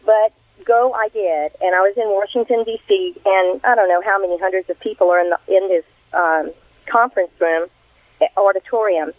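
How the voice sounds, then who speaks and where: Heard over a tinny, dry phone line, a retired crime scene investigator in middle age recounts her experiences in a radio interview with earnest animation. She speaks at medium pitch, with a steady tone and a moderate pace.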